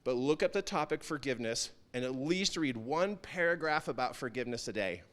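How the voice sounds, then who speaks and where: A man's voice: mid-range voice, lively intonation, brisk, fairly bright tone. A man speaking earnestly at a town hall event, emphatic and building to intense peaks. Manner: earnest, emphatic, rising to intense peaks when quoting himself. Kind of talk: motivational talk. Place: event stage.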